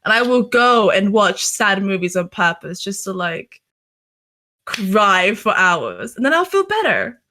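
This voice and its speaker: Chatty bright-voiced young woman. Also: medium pitch, sing-song, unhurried. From England. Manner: chatty and candid, laughs often, swears freely. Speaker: interview guest, streamer. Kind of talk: casual chat.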